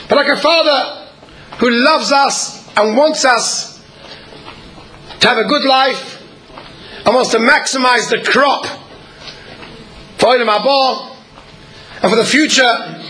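A man with a very high, bright voice delivers an earnest sermon. He speaks in measured phrases with frequent pauses. Now and then he clears his throat. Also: rough recording.

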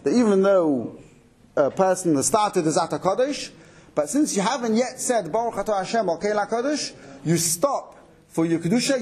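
A man teaching a halacha class at a quick clip, his voice pitched fairly high. He explains in an animated way, laying out cases and questions. His tone has a husky edge. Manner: fast, animated explaining with Yiddish-English Torah terms. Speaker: Torah teacher.

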